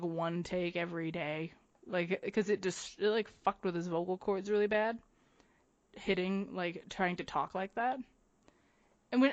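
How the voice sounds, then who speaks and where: A young woman co-hosting a casual podcast, gushing in quick, excited bursts and swearing freely. Her voice sits at an ordinary middle pitch. It sounds close and dry, with no room around it. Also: no echo, lo-fi sound. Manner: excited, profane, fast bursts. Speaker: podcast co-host. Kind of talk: casual chat.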